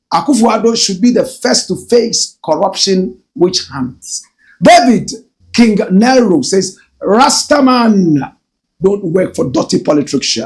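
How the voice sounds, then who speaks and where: A man with a Ghanaian accent hosting a solo political commentary show, reading out viewer comments in an emphatic, declaiming way. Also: on the high side. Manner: emphatic, declaims slogans, drawls some words slowly. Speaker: host.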